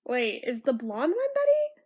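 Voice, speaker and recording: Giggly chatty woman host, high voice, casual comic read-along with wry asides. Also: wildly swooping pitch, unhurried, dull audio. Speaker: video host reading a comic aloud.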